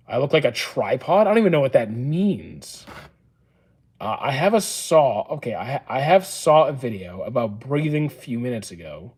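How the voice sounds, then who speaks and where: Hosting a livestream, a man in his thirties works through chat questions in a calm, dry, matter-of-fact way, with plenty of "uh"s. His mid-range voice has a breathy edge.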